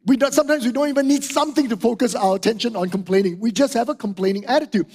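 Preaching very fast in a very high, husky voice that's a little mellow, a middle-aged pastor from Singapore drives his points home by repeating key phrases. He keeps checking in with "right?" and "okay?", and the hall adds reverb.

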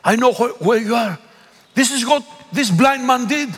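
Male pastor, Greek native speaker, lively sermon delivery with a husky edge, reverberant sanctuary. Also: very high-pitched, normal speed. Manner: animated preaching, pleading and swelling to calls. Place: church. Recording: long echo of a big hall.

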